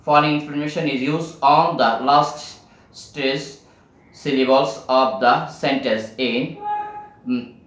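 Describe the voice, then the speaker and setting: Male lecturer, slow and halting, reading notes with frequent restarts, echoey room. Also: mid-range voice, steady tone, a bit bright, far from the mic. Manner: halting, many restarts and pauses.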